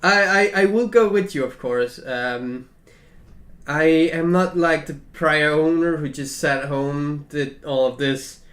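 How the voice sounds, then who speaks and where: A man's voice: a little high, takes it slowly, fairly bright tone, reverberant. A man voicing a male encampment leader and former scout, earnest and rambling with many fillers, in a tabletop role-play game.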